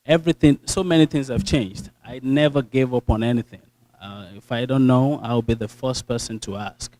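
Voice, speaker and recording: A young man with a Nigerian accent giving an earnest, animated motivational speech to an audience, telling stories and acting out the dialogue. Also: medium pitch, moderate pace, no echo, low-quality recording. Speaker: speaker.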